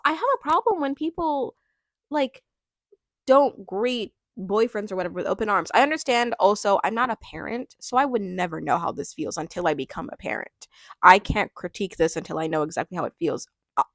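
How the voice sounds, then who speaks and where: A young woman reviewing a reality show in a casual, gushing way, full of likes and quick laughs. Her voice sits at an ordinary pitch for a woman. The sound is dry and close, with no room around it. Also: animated, fairly bright tone, no echo. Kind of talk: casual vlog commentary.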